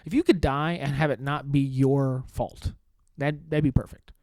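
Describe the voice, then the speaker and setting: A man hosting a solo comedy podcast, rambling in a deadpan, sarcastic way with swearing and restarts. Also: medium pitch, moderate pace, no room sound. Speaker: podcast host.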